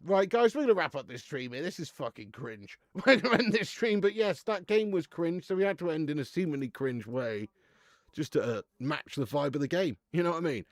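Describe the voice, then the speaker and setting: A man's voice: on the high side, expressive, fairly quick, no echo, studio quality. A man hosting a live football watch-along stream, chatting casually with viewers, laughing often and swearing freely.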